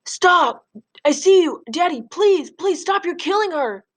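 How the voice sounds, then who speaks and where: A woman reading aloud and voicing a desperate boy who shouts and pleads with his father. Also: extremely high pitch, expressive, measured pace, voice pushed up. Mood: desperate pleading.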